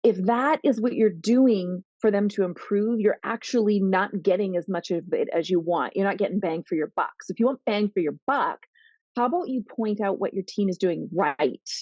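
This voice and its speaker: A woman giving parenting advice on a podcast, earnest and animated, acting out what teens and parents say. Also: medium pitch, normal speed, dry recording, dull audio. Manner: earnest, animated, acts out teen and parent voices. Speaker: parenting coach guest.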